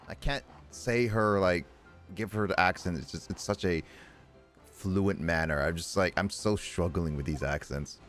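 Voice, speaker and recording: A man's voice: low-pitched, a little slow, fairly bright tone, soft background music. A young man streaming a game, chatting casually and rambling between reading lines aloud. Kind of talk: casual let's-play commentary.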